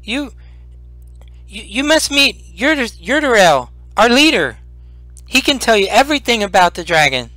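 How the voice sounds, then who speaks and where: A man's voice: high-pitched, very animated, measured pace, sharp tone, no room sound, voice pushed up, exaggerated voice. A man voicing a small, tearful, frightened male kobold who stammers and pleads. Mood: earnest.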